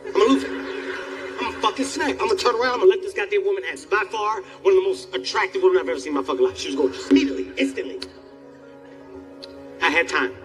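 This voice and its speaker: A man in his forties doing stand-up comedy, telling loud, animated stories with shouted outbursts. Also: high-pitched, quick pace, recorded from a distance, music in the background. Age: 40s.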